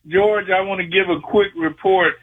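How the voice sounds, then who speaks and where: A man calling a radio show who chats excitedly and keeps addressing the host by name. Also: high voice. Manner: chatty, excitable, keeps repeating the host's name. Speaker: caller. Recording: tinny phone line.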